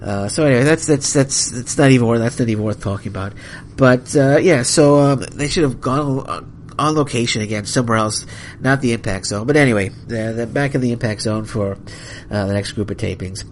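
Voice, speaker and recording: A man's voice: mid-range voice, fairly quick, slight background noise. Angry rambling male podcast host. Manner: angry, rambling, apologetic, many restarts. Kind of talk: solo wrestling podcast rant.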